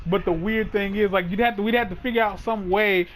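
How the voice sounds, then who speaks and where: Man, casual podcast host, rambling, animated, slightly high voice, faint background hiss. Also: fairly quick, low-quality recording. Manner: animated, rambling storyteller with frequent "like". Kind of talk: casual gaming podcast chat.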